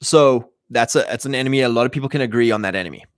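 A man's voice: mid-range voice, rapid-fire, dry recording, studio quality. A man hosting a livestream, rambling through casual political commentary and acting out quoted voices. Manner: rambling, many fillers and restarts, acts out quotes. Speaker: livestream host.

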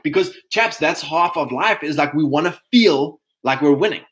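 A man's voice: on the high side, expressive, fairly quick, a bit bright. A man giving a casual, rambling motivational talk to other men as a podcast host, full of fillers and restarts, calling his listeners chaps.

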